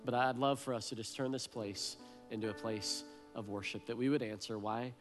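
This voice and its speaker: A man's voice: medium pitch, steady tone, normal speed, over music. A man in his thirties preaching a heartfelt sermon, earnest and emotional, often repeating his words. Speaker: pastor.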